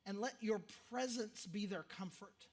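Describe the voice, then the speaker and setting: A man's voice: high voice, unhurried. Conversational man preaching a sermon. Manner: conversational, self-interrupting, emphatic repetitions. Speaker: pastor.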